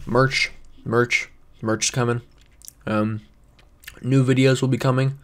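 A young man vlogging casually from his bedroom, rambling and swearing with a deadpan, sarcastic manner. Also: mid-range voice, takes it slowly. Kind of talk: casual vlog chat. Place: home bedroom.

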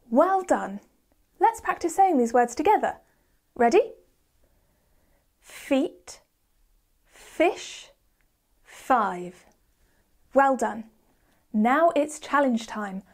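A woman leads a children's phonics lesson in a bright, sing-song teacher voice. She speaks high and with lots of melody, taking her time. Her delivery is slow and encouraging, pitched for small children. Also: very animated.

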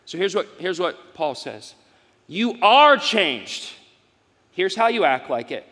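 A middle-aged man preaching a live sermon as pastor, swinging from loud exclamations to soft asides. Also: high-pitched, sing-song, takes it slowly. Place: large church hall. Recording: long hall reverb.

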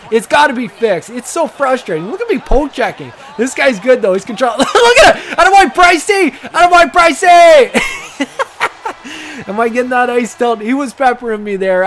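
A young man giving rambling, joking commentary over his own hockey video game match, cursing and getting excited. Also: extremely high pitch. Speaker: gaming commentator. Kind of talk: casual gameplay commentary.

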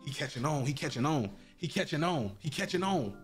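A man giving casual, excitable commentary while playing a video game, joking, laughing and swearing often. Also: a little high, brisk, faint music behind. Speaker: gaming streamer.

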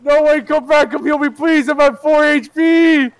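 A man's voice: very high voice, steady tone, normal speed, dry recording, poor audio. A man trading crude jokes with friends over voice chat while gaming, yelping and groaning at the action. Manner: joking, yelping and groaning in play. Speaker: gamer in a voice chat.

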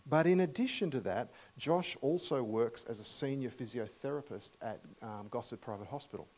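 A middle-aged Australian man preaching a sermon in a church, telling humorous stories warmly with many fillers and restarts. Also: medium pitch, breathy edge, poor audio. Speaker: guest preacher. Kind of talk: storytelling sermon.

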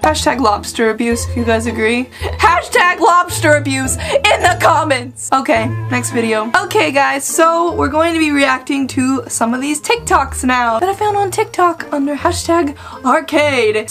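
A woman arcade vlogger giving excited, playful reaction commentary, full of exclamations. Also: high-pitched. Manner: bubbly, exclamatory, playful voices.

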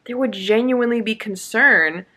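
A woman's voice: on the high side, moderate pace, pushed and bright, breathy edge. A woman vlogging about a book she is reading, talking casually with sarcastic, exasperated asides and lots of fillers.

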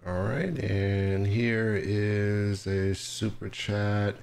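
A man's voice: fairly low pitch, fairly even intonation, drawn-out words, creaky, a little mellow, slight background noise. A man moderating a live-streamed debate, casually reading out viewer questions and giving turns. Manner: casual, laid-back, reads viewer questions.

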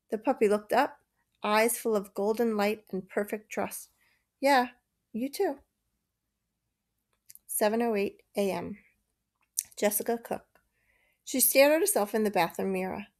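A woman reading a children's novel aloud, steady and measured. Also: medium pitch. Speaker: narrator. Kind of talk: storybook reading.

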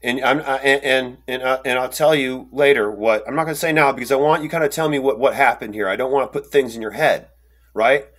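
A young man telling a personal story in a rambling, animated way, with lots of fillers and restarts, and acting out the quotes. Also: mid-range voice, a little fast. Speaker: storyteller recounting an encounter. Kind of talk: casual first-person storytelling.

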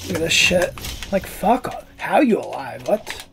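A man's voice: high voice, big pitch swings, a little slow, creaky. A man giving casual, profane gameplay commentary as a streamer, trash-talking and easily annoyed. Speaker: gaming streamer.

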